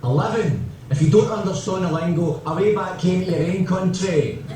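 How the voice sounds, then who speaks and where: A man's voice: high voice, normal speed, dark tone, a little hiss or hum, lightly acted. A man with a Scottish accent playing a sarcastic, blunt Scotsman trapped in a lift. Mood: scornful. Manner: mocking, blunt. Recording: comedy clip played in an echoey hall, from far off.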